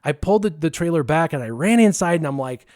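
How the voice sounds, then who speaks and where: A man casually telling a funny story, lively and laughing as he acts out the voices of the people in it. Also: on the high side, fast talker, no echo, studio quality. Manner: animated, laughing, acts out quotes. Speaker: guest storyteller.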